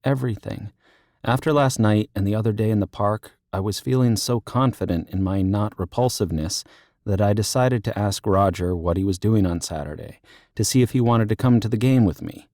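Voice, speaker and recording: A man's voice: on the low side, a little mellow, no room sound, close to an everyday voice. A man reading an audiobook, voicing an anxious young female teacher who is flustered, self-deprecating and close to tears. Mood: tearful. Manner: teary, self-deprecating, rushed. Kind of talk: audiobook character voice.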